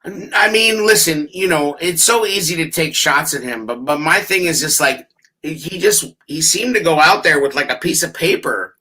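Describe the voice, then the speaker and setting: A man hosting a casual sports talk show, telling stories in a profane, animated way. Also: a little high, normal speed. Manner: animated, profane, laughing storyteller. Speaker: podcast host.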